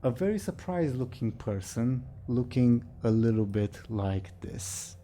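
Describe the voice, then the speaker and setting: A man's voice: mid-range voice, lively intonation, unhurried, mellow, slight background noise. A man running a tabletop game as game master, often chuckling and trailing off into muttered asides.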